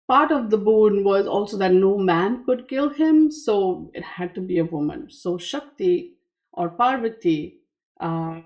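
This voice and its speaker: Slow, storytelling woman tarot reader. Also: medium pitch, a little mellow. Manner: storytelling, unhurried, with asides. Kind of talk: explaining a myth behind a card image.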